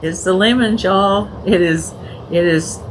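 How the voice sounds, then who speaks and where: A woman's voice: lowish voice, unhurried, slight background noise. Giggly woman hosting a craft stream. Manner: giggly, laughing through her words, chatting to viewers by name. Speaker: crafting livestream host. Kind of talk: casual live crafting chat.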